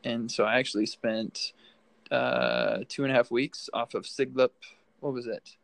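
A man hosting a podcast, telling a relaxed story with hesitant fillers. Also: mid-range voice, unhurried, vocal fry, no room sound. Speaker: podcast host. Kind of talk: casual chat.

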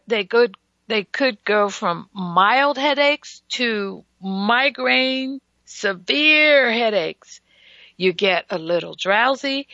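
A woman's voice: fairly high pitch, creaky, pushed and bright, no room sound, muffled recording. A woman hosting a casual radio health talk show, emphatic and folksy, who often stutters and restarts her sentences.

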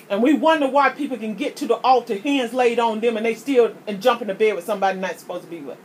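A woman's voice: a little high, quick pace, hardly any pauses. A woman preaches a sermon. She speaks with fervor and stacks up repeated words as she drives her points home. A faint noise floor sits behind her. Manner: impassioned, preachy, repeats words when starting a thought.

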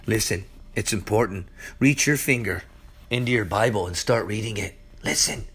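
A man preaching in an excited, informal way, laughing often and repeating lines for emphasis as the host of a Bible teaching show. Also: lowish voice, normal speed, slightly rough.

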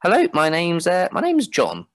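A man's voice: sits high, wildly swooping pitch, moderate pace, a bit bright, voice pushed up, exaggerated voice. A man voicing a nervous young male party guest who stammers through his denials. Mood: flustered.

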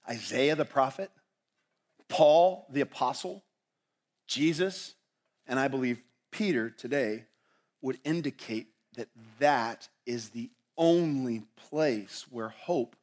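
A man preaching a sermon as pastor, swinging from loud, dramatic lines to hushed ones and asking his listeners rhetorical questions. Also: medium pitch. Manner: asks the audience rhetorical questions.

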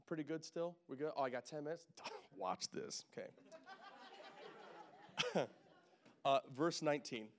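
A young adult man preaching a sermon in a church, joking with the congregation and swinging from quiet, intimate talk to loud bursts, sweating in the heat. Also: on the high side, a little slow, pauses often. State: sweating in a hot room. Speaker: pastor. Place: church sanctuary.

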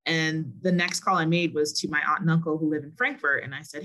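A young woman from Massachusetts, a podcast guest telling stories in a chatty, animated, friendly way. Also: low-pitched, brisk, hardly any pauses. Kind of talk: casual podcast interview.

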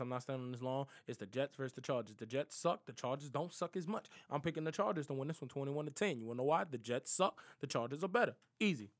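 High-voiced young man talking trash. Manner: slangy, animated trash talk. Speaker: sports prediction vlogger. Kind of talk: casual NFL picks monologue.

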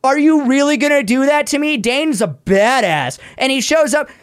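Woman podcast co-host, profane and animated, lively pitch swings. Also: moderate pace. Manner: exasperated, profane, animated ranting. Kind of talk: casual ranting chat.

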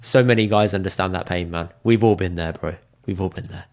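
A man co-hosting a podcast who teases his friend in a casual, jokey way. His voice sits a little low. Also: a little fast. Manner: jokey, teasing. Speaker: podcast co-host. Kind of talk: casual chat.

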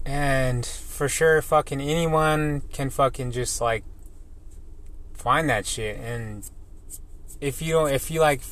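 A man's voice: a little high, a bit bright. A man in his thirties, a welder, venting in a rambling casual monologue full of swearing and fillers. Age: 30s. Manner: frustrated, venting.

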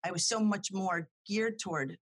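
A woman's voice: medium pitch, normal speed, breathy edge. A woman in casual chat, rambling with fillers and restarts. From New Jersey / New York. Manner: rambling, lots of fillers and restarts, laughs often.

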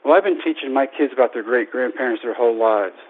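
Speaking fast in a mid-range voice, a man in his thirties who coaches baseball and speaks publicly recounts a lively personal story to an audience. He acts out its voices with animation, and the broadcast sounds tinny and phone-like.

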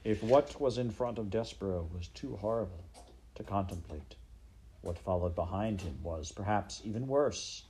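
A man reading a children's storybook aloud in a dramatic, measured way. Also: on the low side, dark tone, slight background noise, low-quality recording. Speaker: audiobook narrator.

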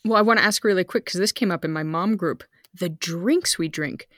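A woman in her thirties co-hosting a podcast, talking chattily, with quick asides and bursts of speed. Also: lowish voice, fairly bright tone, no room sound, studio quality. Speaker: podcast co-host. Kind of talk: casual family chat.

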